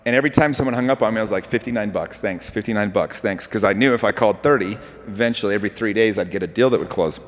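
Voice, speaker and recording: A man giving a motivational talk to an audience, telling animated stories with acted-out quotes. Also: lowish voice, rapid-fire, few pauses. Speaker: speaker. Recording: hall with reverb.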